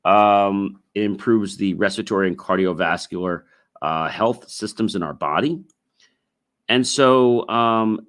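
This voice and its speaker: A man hosting his own podcast, talking loosely with many fillers and repeats, and breaking into drawn-out chanted oms to show how they sound. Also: lowish voice, a bit bright. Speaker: podcast host. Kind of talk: casual solo podcast talk.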